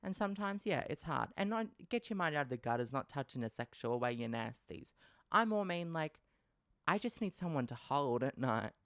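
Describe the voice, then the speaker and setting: Smooth-voiced Australian man, playful and dramatic. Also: a little high, moderate pace, no room sound, studio quality. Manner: animated, swearing, playfully dramatic. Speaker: podcast host. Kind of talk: casual solo podcast chat.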